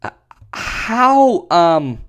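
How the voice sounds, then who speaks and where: A man's voice: high voice, big pitch swings, extremely slow, a bit bright. Sarcastic, swearing podcast host man. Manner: profane, sarcastic, laughing rant. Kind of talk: ranting commentary.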